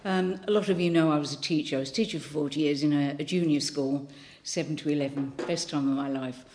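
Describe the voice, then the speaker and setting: An elderly woman in her eighties with a low, deep voice and a faint Birmingham accent. She tells chatty, rambling stories, full of ums and restarts. She is giving a thought for the day. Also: steady tone, fast talker, background noise. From Birmingham, England. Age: 80s. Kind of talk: casual anecdotal talk.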